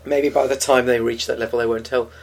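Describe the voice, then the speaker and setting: Deadpan podcast co-host. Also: mid-range voice, fast, vocal fry, breathy edge. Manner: deadpan, wry understatement. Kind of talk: casual chat tasting beer.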